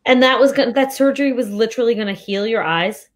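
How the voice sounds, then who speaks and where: A woman's voice: on the high side, fast. Woman host, sympathetic, exclaims a lot between questions. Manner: empathetic, lots of exclamations. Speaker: interview host. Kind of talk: casual interview.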